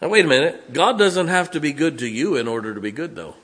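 A man's voice: on the high side, big pitch swings, quick pace, a bit bright, slightly rough. A man preaching a sermon, folksy, joking and blunt as a pastor speaking to his congregation.

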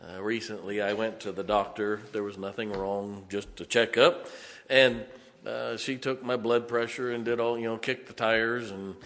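Folksy pastor preaching in a reverberant church. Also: male voice, fairly low pitch, fairly even intonation, normal speed, a bit bright. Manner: folksy storytelling that builds to emphatic preaching. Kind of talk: sermon.

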